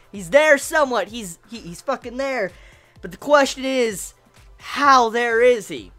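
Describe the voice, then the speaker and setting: A high-voiced woman reviews manga in an excitable, casual way, peppering her talk with profanity and sudden shouts. Faint music sits under her voice.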